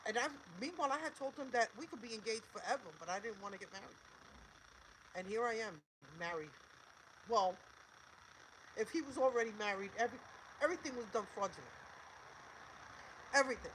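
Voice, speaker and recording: A woman's voice: fairly high pitch, brisk, pauses often, fairly bright tone, slight background noise, poor audio. An older woman hosting a livestream, talking emphatically and repeating herself, swearing and preaching encouragement. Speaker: livestream host. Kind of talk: emotional livestream monologue.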